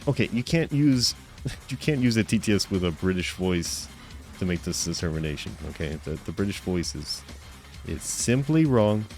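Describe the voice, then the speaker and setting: A man's voice: sits low, lively intonation, moderate pace, darkish tone, soft background music. A man streaming a game live, chatting with viewers in playful, mock-offended banter with stammering restarts.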